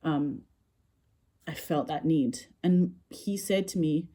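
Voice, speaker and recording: A woman's voice: medium pitch, normal speed, warm tone, husky. A woman, telling a story in a rambling, casual way and laughing often. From Scotland. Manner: rambling, heavy use of filler words, laughs often. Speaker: vlogger.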